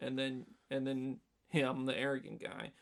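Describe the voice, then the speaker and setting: Guy cohosting a podcast, gravelly voice, rambly animated storytelling. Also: mid-range voice, moderate pace. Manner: rambling, animated storytelling with many fillers and acted-out quotes. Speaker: podcast co-host. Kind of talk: casual chat recapping a horror film.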